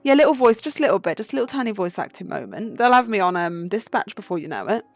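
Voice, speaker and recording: A woman's voice: mid-range voice, expressive, fast, no echo. A young woman streaming a game live, chatty and laughing, swearing and talking to her chat. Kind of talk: casual live gameplay commentary. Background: faint game music.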